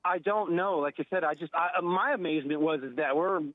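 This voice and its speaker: A man's voice: a little high, a little fast. A man in his forties calling in to a radio show, telling a rambling story full of fillers. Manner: rambling with many fillers and laughs. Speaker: caller. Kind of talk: casual phone-in storytelling. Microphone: phone. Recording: tinny phone line.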